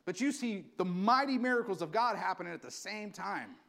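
A man with a high, lively voice preaches to his congregation. He talks casually and with passion, and his pitch swings widely as he acts out the people he quotes. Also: fairly quick, vocal fry. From California. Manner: impassioned, conversational preaching with acted-out quotes. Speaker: pastor. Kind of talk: sermon.

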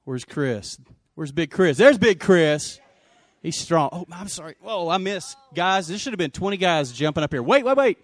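Lively joking pastor, bouncy higher voice. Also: male voice, moderate pace, no echo. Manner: energetic, joking, shouts out to the congregation. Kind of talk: sermon.

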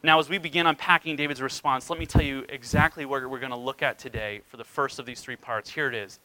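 A man's voice: mid-range voice, fairly even intonation, quick pace, hardly any pauses, sharp tone, rough recording. A man preaching a sermon as pastor, retelling scripture dramatically with wide swings in emphasis.

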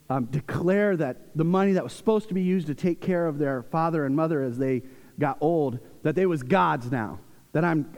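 A man in his forties preaching a sermon in a church, talking in a conversational, animated way with playful storytelling asides. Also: fairly high pitch. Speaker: pastor. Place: church sanctuary. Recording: long reverb from a church hall.

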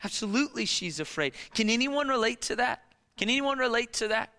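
A middle-aged male pastor preaching a sermon, telling the story dramatically and swinging between loud urgency and hushed, low passages. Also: expressive, a little fast.

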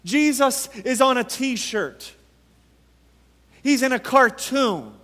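Male pastor from the U.S., high-pitched, measured sermon delivery, long reverb of a big sanctuary. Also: lively intonation, sharp tone. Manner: emphatic, repeats rhetorical questions with dramatic pauses. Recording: long reverb from a large hall.

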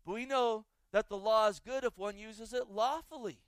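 A man's voice: high-pitched, normal speed, fairly bright tone, smooth, no echo. A man preaching a sermon and reading scripture aloud, asking the congregation rhetorical questions as he goes. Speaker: pastor.

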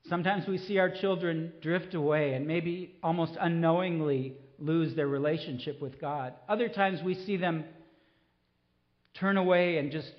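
A middle-aged man preaching a sermon, pleading and impassioned, then soft and reflective. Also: on the high side, moderate pace, muffled recording. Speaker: pastor.

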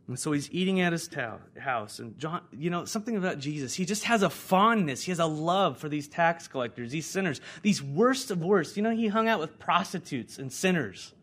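A man with an American accent preaching a sermon as pastor, talking conversationally and swinging between loud emphasis and hushed, prayerful lines. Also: fairly high pitch, lively intonation, normal speed, hardly any pauses, slight background noise.

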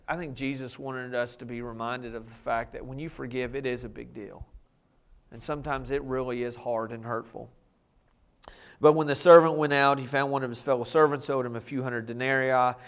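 A man's voice: medium pitch, fairly even intonation, moderate pace. A man preaching a sermon, reading scripture and explaining it in a plain, conversational way. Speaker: pastor.

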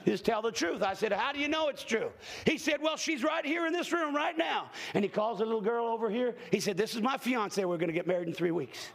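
A male evangelist preaching to a congregation in a very high, gravelly voice. He tells folksy, joking stories and breaks into sudden shouts. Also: animated, fast, few pauses. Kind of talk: sermon. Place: church service with congregation.

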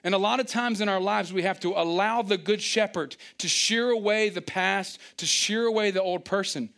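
Guy preaching a sermon, kinda high voice, acts stuff out, loud bursts then quiet asides. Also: moderate pace. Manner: animated, acts out little scenes with sudden high-pitched outbursts. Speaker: pastor.

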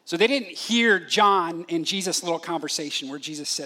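A man preaching an expository sermon, animated, acting out the disciples' questions as he explains the passage. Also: fairly high pitch, moderate pace, few pauses. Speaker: pastor.

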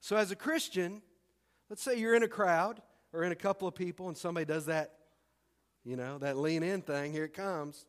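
A man's voice: high-pitched, normal speed. A man preaching a sermon as pastor in a church, conversational and punchy with emphatic repetition. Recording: long hall reverb.

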